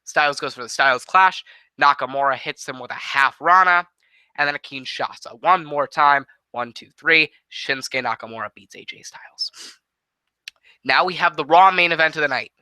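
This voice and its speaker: Male host, casual booking play-by-play, bright and dry. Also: on the high side, smooth, dry recording, rough recording. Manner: casual, quick, profane play-by-play.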